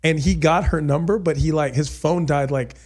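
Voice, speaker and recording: A man's voice: on the high side, moderate pace, slightly rough. A man hosting a live radio show, chatting in a loose, slangy way and telling stories with energy. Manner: animated, slangy, storytelling. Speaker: podcast host. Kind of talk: casual chat. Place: radio studio.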